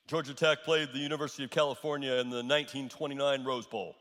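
A man's voice: medium pitch, fairly even intonation, quick pace, few pauses, a bit bright, big-room sound. A male pastor preaching a sermon, repeating his key lines for emphasis.

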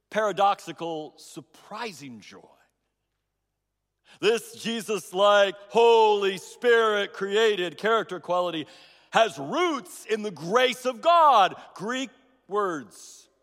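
A middle-aged man preaches in a high voice, circling back and repeating phrases for emphasis as he tells a story. His voice rings out through the long reverb of a large hall. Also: a bit bright. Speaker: pastor. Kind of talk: sermon.

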